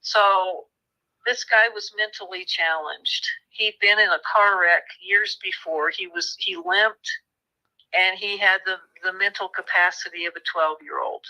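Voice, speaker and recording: A woman's voice: medium pitch, unhurried, poor audio. A woman author recounting a true crime case as a guest, telling it as a story and acting out the people she quotes. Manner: animated, acts out quoted voices. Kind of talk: conversational storytelling.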